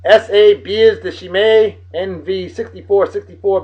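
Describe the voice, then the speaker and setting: A man's voice: sits high, very animated, moderate pace, hardly any pauses, breathy edge. A man hosting a casual beer-tasting vlog, boisterous and jokey, rambling between topics. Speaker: vlog host. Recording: dull lo-fi home recording with faint music.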